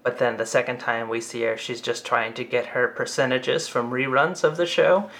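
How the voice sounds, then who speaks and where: A man in a casual film discussion, talking with fillers and acting out scenes he describes. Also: normal speed. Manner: animated, acts out quoted lines with big pitch jumps.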